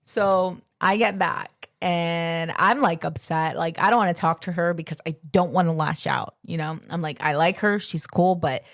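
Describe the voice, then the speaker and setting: A woman's voice: lowish voice, moderate pace, hardly any pauses, a bit bright, dry recording, clean studio sound. A woman co-hosting a podcast, telling a story in casual chat, with many fillers and acted-out quotes. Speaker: podcast co-host.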